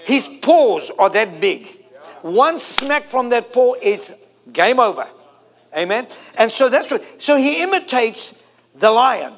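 A preacher in his forties with a notably high-pitched voice. He delivers his sermon emphatically, repeating and drawing out his key phrases. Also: sing-song, takes it slowly, fairly bright tone. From South Africa.

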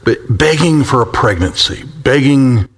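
A man preaching a sermon, swinging between high, urgent exclaims and hushed, low passages, and acting out the voices of prophets. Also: animated, measured pace, slightly rough. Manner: acts out quoted prophets with a rising voice. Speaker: pastor.

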